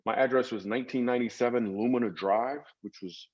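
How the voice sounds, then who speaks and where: A man, a comedian guest in an interview, telling stories in a lively comic way with acted asides. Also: medium pitch, fairly quick, muffled recording. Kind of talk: storytelling interview talk.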